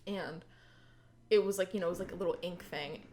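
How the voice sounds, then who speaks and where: A woman's voice: fairly low pitch, steady tone, brisk, darkish tone, a little hiss or hum. A young woman as a podcast guest, chatting casually with many fillers and breaking into laughter as she tells stories. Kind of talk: casual interview chat.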